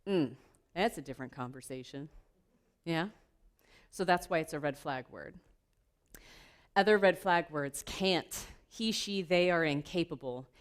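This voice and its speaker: A woman giving a playful, lively keynote talk at a conference, laughing often with the audience. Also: low voice, a little slow, long pauses. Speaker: keynote speaker. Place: conference room.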